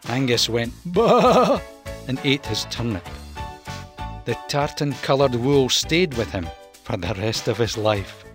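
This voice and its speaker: Brief: slow, animated storybook reader over quiet background music. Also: mid-range voice. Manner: slow, expressive reading. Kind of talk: storybook read-aloud.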